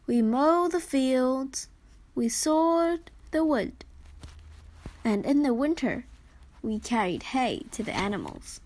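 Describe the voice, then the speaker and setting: A woman voicing a gentle, wistful old farm tractor in a children's storybook reading. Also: high voice, animated, slow pace, heavily acted, rough recording.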